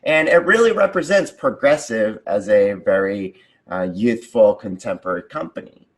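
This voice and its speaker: Man, lowish voice, enthusiastic, filler-heavy, video call. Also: animated, moderate pace. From United States. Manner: earnest, enthusiastic, many ums and likes. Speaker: guest, conversation designer. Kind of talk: casual interview answers.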